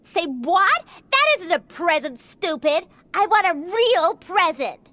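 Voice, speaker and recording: A woman's voice: very high voice, very animated, takes it slowly, pushed and bright, no echo, exaggerated voice. A woman voicing a spoiled, demanding little girl in a video game, whiny and bossy. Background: game music.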